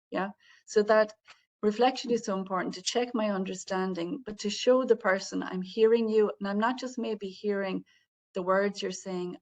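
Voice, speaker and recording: A woman giving an online training webinar over a video call, explaining things in a friendly way and speaking directly to the participants. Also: mid-range voice. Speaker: webinar presenter on healthcare communication.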